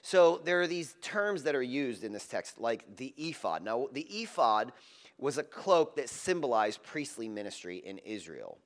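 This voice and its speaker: A man delivers a sermon from the pulpit in a medium-pitched voice. His intonation rises and falls in wide swings. He presses loudly on emphatic phrases, then drops to a near-hush for tender moments. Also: sing-song, normal speed. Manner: dramatic, swinging from loud emphasis to hushed tenderness. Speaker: pastor.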